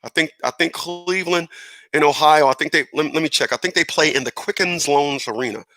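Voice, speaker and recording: A man hosting a casual radio talk show, animated and rambling, correcting himself and chuckling as he goes. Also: on the high side, brisk, no echo.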